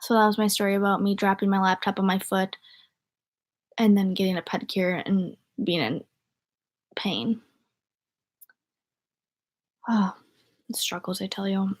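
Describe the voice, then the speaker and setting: A woman's voice: medium pitch, unhurried, long pauses. A young woman from the northern United States chatting casually to viewers on a livestream, rambling and giggly. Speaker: vlogger.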